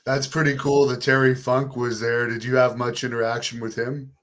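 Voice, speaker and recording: A man's voice: mid-range voice, flat delivery, normal speed, a bit bright. A man interviewing a guest, offering short, agreeable comments and follow-up questions. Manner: brief, agreeable follow-up remarks.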